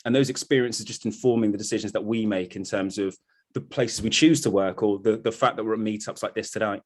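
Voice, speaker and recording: A man hosting an open group discussion over a video call, encouraging the others and thinking out loud, with many "you know" fillers. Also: on the low side, fairly quick. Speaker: discussion host.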